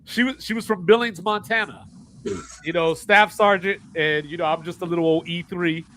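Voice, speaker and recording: A man's voice: high-pitched, steady tone, normal speed, pushed and bright, a little hiss or hum, poor audio. A man co-hosting a podcast, telling an anecdote in laid-back casual chat. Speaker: podcast co-host.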